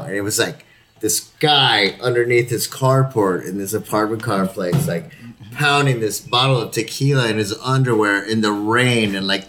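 A middle-aged man in casual chat as a podcast co-host, talking loosely and profanely, peppering his speech with "like" and quick laughs. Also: fairly low pitch, noisy background.

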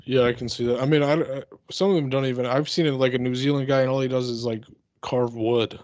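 A man in casual chat, teasing in a deadpan way and swearing. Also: medium pitch, fast talker, dry recording.

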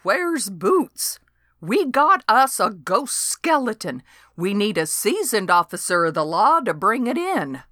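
A woman's voice: medium pitch, sing-song, unhurried, hardly any pauses, a bit bright, no echo, clean studio sound. A woman voicing a feisty, bossy older woman who speaks bluntly. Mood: eager.

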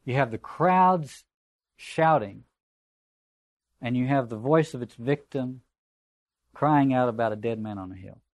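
Male lecturer, mid pitch, reflective and digressive, dry recording. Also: measured pace, pauses often, dry recording. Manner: reflective, digressive, conversational asides. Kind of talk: literature lecture with read-aloud passages.

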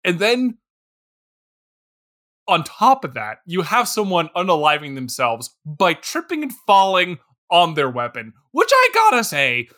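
Animated young man with a bright voice. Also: high voice, unhurried. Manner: animated, acts out silly voices for characters. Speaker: podcast co-host. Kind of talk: casual comedic movie review.

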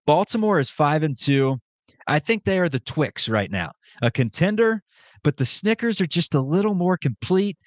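Animated jokey male podcast host. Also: medium pitch, no echo. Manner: animated, jokey, quick asides. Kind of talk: casual sports podcast chat.

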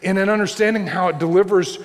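A man's voice: sits high, steady tone, fast talker. A man preaching a sermon in a conversational way, repeating his points and checking in with the congregation. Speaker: pastor. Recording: long hall reverb.

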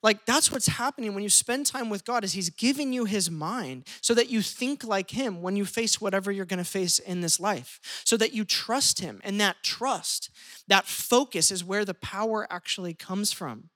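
Here the lively sermon unfolds unhurriedly: the pastor's mid-range voice shifts tempo often and acts out the words of those he quotes.

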